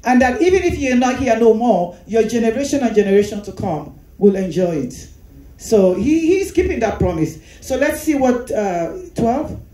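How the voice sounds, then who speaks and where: A woman's voice: a little high, animated, moderate pace, mellow, echoey room, rough recording. A woman leading a Sunday school class, explaining a Bible passage, repeating phrases and asking the class questions. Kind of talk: Bible teaching.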